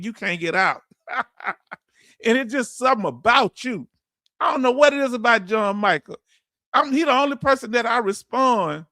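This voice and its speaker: A man's voice: very high-pitched, animated, moderate pace, long pauses, bright, forceful tone, no room sound, studio quality. A man hosting a casual livestream, reading viewer comments aloud and calling his audience family in a heartfelt, emotional way.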